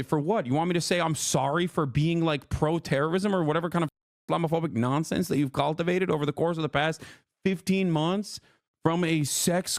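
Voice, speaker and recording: Pitched fairly high, the man's voice comes through a dry, studio-quality recording. Live on stream, he rants angrily about another creator, full of profanity. It's a heated reaction aimed at the chat.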